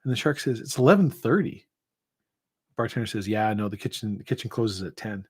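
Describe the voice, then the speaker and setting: A man's voice: on the low side, expressive, brisk, darkish tone, slightly rough. Rambling man telling a shaggy-dog joke. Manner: rambling, hesitant joke-telling with many fillers. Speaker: co-host. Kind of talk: casual chat.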